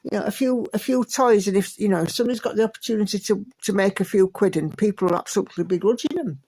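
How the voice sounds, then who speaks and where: A woman's voice: medium pitch, quick pace, warm tone, slightly rough, low-quality recording. An English woman hosting a livestream, chatting and reading out viewer comments with lots of fillers. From England. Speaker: livestream host.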